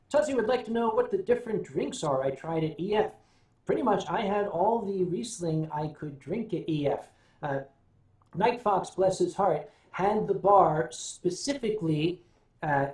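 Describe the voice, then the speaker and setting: An older American man hosting a casual livestream, telling stories and answering viewer comments in a wry, unhurried way. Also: high-pitched, a little mellow. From United States. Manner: wry, unhurried storytelling with sips and hums. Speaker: livestream host. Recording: roomy sound, voice a bit off-mic.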